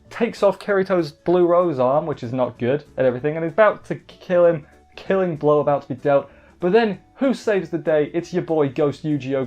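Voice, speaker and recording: An excitable man with a slightly high voice rambles through a casual episode review, restarting sentences and hyping up big moments. The recording is a little muffled, with faint music underneath. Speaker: anime reviewer.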